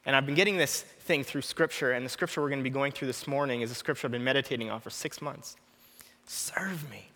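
A man's voice: medium pitch, steady tone, fast talker, few pauses, pushed and bright, long reverb tail. A man in his thirties preaching an earnest, personal sermon, often repeating a short prayer.

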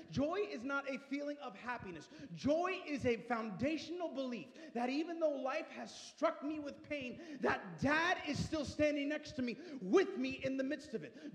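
High-pitched guy preaching, goes quiet then loud, big echoey church hall. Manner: passionate, swings from hushed to loud. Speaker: pastor. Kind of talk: sermon. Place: church sanctuary.

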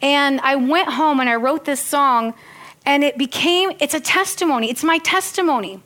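A woman with a high, bright voice delivers a sermon, reading scripture with earnest feeling. She drops into chatty, joking asides to her listeners between passages. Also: moderate pace. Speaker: preacher.

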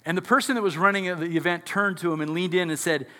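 In a church sanctuary, a pastor with a high, bright voice preaches quickly with hardly any pauses, conversing with his congregation and checking in with questions. The hall gives his voice a long reverb.

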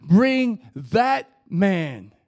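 A man voicing a calm, commanding male healer who speaks slowly and deliberately. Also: extremely high pitch.

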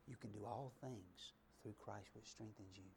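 A tender God speaks in a low, breathy hush, every word close and reassuring, in whispered role-play. A man preaching puts on this voice mid-sermon, dropping well below his own pitch and volume. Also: a little slow, a little hiss or hum. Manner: soft, tender, comforting promises. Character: gentle loving God, male, close and reassuring.

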